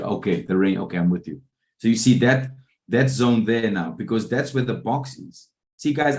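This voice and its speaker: A man coaching a live online trading room, often pausing to ask whether his listeners are following. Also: on the low side, darkish tone. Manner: keeps checking in with listeners. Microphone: video call.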